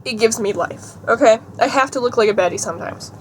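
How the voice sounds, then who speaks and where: Talking fast in a fairly high voice, this young adult vlogger giggles and chats while reading items from a list. A little hiss or hum sits under the recording.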